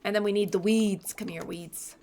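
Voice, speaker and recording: A chatty young woman streams a farming game from her room and talks into a boom-arm mic. Her voice has a gravelly fry and sits at an ordinary pitch for a woman. She rambles easily between the game and her cat. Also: fairly even intonation, normal speed, warm tone, a little hiss or hum. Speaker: gaming streamer. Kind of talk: casual gameplay chat.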